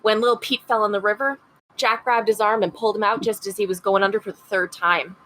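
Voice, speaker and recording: A woman's voice: medium pitch, steady tone, fast talker, fairly bright tone, lightly acted, poor audio. A woman reading aloud as a working-class mother from upstate New York, trying a Rochester accent. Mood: wistful. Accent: Rochester, upstate New York (imitated). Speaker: podcast co-host.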